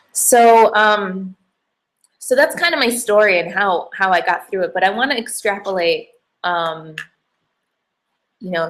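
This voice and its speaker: A young woman telling a personal faith story to camera, chatty and emotional, with many fillers. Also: medium pitch. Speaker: hijab brand founder giving a faith talk.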